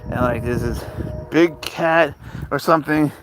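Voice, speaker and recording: A man's voice: a little high, measured pace, heavy background noise. A man hosting a casual livestream outdoors in a park. He rambles and answers viewer questions as he walks his cat, talking into a phone.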